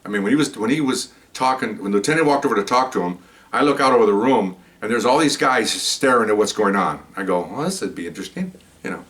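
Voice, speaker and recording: Ex-cop guy telling a story from the job, gets louder and more worked up as it goes, does everyone's lines, mic a little far off. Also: lowish voice, fast. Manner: animated, acts out the other people's lines, gets louder as the story builds. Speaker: retired police officer telling stories. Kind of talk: casual storytelling.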